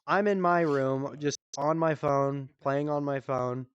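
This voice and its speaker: Brief: young guy, smooth and clean on a dry headset mic, cussing his way through a bit. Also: fairly high pitch, fairly even intonation, slow pace, dry recording, lo-fi sound. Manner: profane, rambling, laughs at his own stories. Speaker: streamer comedian. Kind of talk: casual comedic storytelling.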